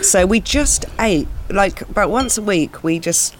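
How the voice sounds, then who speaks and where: A man with a South East London accent and a somewhat high voice talks frankly and with self-deprecation as a podcast guest. He chats with his mouth full at a dining table. A faint room hum sits in the background. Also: expressive, unhurried. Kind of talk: casual chat over a meal.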